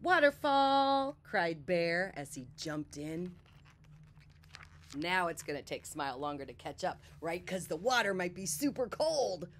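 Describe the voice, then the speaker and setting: Woman, children's storyteller, slow, lively reading voice, soft asides. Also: on the low side, a little hiss or hum. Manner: animated, slow and expressive, drops to soft whispers. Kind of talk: read-aloud storytelling for children.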